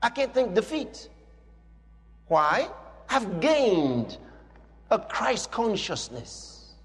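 A man's voice: high-pitched, huge pitch swings, drawn-out words, big-room sound. A man preaching a sermon with emphatic, repeated declarations.

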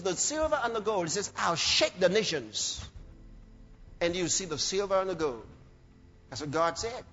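A man preaching a sermon with passion, often shouting lines out and acting out other people's voices. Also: extremely high pitch. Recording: lo-fi recording with long hall reverb.

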